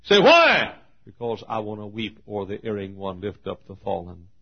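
A gravelly, husky older man preaches a sermon. He swings between quiet, hushed storytelling and sudden shouted peaks. The recording is dull and lo-fi. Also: fairly low pitch, steady tone, fairly quick. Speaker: pastor.

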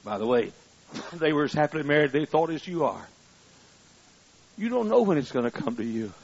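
An older man preaching a sermon, swinging between loud shouted appeals and quiet storytelling. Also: a little high, sing-song, normal speed, gravelly, breathy edge. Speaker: pastor. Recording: muffled, lo-fi.

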